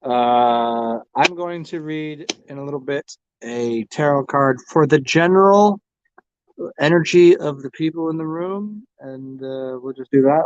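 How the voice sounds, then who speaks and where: A man's voice: medium pitch, dry recording, highs cut off. An American man hosting a casual tarot livestream, rambling and crude, taunting the people who join. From United States. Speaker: livestream host reading tarot.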